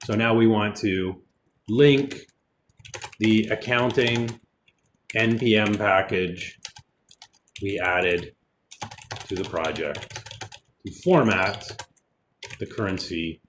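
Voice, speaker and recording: A man, a college instructor, giving a relaxed online programming lecture, explaining as he goes with fillers, with keyboard typing in the background. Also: lowish voice, takes it slowly, long pauses, slight background noise. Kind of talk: recorded online lecture with screen demo.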